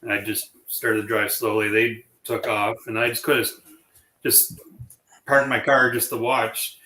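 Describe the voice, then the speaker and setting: A man tells a relaxed, halting story. His voice is fairly low but bright and forward. The recording picks up a roomy echo around him. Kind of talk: casual storytelling.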